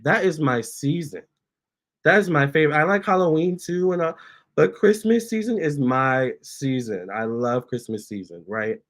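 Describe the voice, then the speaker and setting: A man hosting a casual storytime, reading out viewer comments, chatty and animated, often stopping to talk to his cats. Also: on the high side, normal speed. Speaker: tarot reader and channel host.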